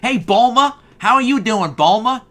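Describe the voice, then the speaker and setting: A man doing an impression of an adult male cartoon hero with a high, rustic country voice, calling out loudly. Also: animated, moderate pace. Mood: cheerful. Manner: loud, high-pitched shouting.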